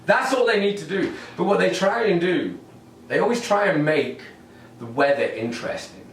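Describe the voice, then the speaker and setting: A man's voice: sits high, lively intonation, normal speed, far from the mic, a little hiss or hum. A man with an English accent performing a stand-up comedy routine, ranting with frequent ums and repeated words. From England. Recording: roomy echo, off-mic, faint ambience.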